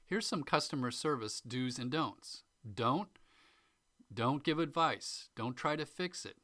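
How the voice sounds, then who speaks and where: A man's voice: medium pitch, expressive, measured pace, a bit bright, dry recording, studio quality. A man teaching customer-service listening skills, going through numbered tips and acting out short examples. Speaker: instructor.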